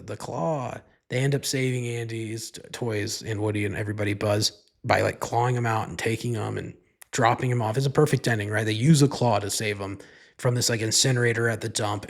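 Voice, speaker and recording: A podcast host delivers a casual solo monologue, rambling and profane, slipping "like" into nearly every sentence. His mid-range voice has vocal fry.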